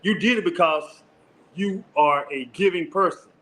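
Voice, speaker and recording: Male co-host, slightly high voice, calm encouraging advice. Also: a little slow, slight background noise. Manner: calm, encouraging, asks "right?" often. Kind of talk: reflective advice talk.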